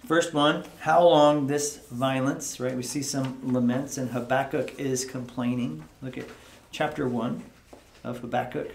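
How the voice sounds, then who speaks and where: A man's voice: medium pitch, creaky. A man leading a midweek Bible study in an office. He talks conversationally, keeps checking in with the group by asking "right?", and dramatizes the prayers he reads. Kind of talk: casual Bible study teaching. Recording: echoey room.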